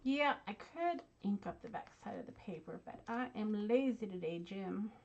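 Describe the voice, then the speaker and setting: A woman's voice: mid-range voice, animated, normal speed, creaky, lo-fi sound, slight background noise. A woman, chatting casually and teasing herself while crafting at her home desk. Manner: chatty, self-mocking, talks to viewers as y'all. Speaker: craft channel host.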